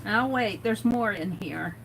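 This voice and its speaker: Bright, chatty woman hosting a craft stream. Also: mid-range voice, measured pace, creaky, a little hiss or hum, rough recording. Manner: chatty, reads quotes aloud with amused commentary. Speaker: art livestream host. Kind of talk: casual craft livestream chat.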